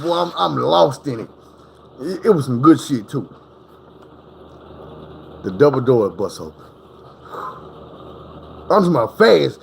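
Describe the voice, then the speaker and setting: A man telling a comic story, casual and animated, full of profane slang, jumping up high to reenact other people. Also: vocal fry, a little hiss or hum, low-quality recording.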